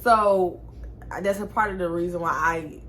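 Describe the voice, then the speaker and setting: A woman in her twenties telling a casual storytime to camera, chatty and animated, swearing freely. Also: lowish voice, unhurried, slight background noise. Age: 20s. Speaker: vlogger.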